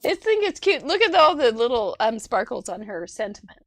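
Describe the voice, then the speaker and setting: A woman hosting a casual craft show, chatting warmly about viewers' cards and laughing often. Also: fairly high pitch, sing-song, normal speed, dry recording, studio quality. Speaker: host.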